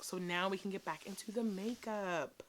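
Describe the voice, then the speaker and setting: A woman's voice: mid-range voice, moderate pace, slight background noise. A woman in her thirties chatting casually to camera as a beauty vlogger, emotional and full of ums and likes.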